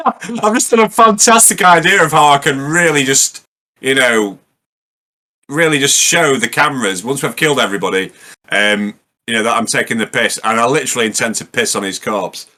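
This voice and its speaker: Man, player in a tabletop game, brash joking banter, bright tone. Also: medium pitch, normal speed. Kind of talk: casual chat at a game table.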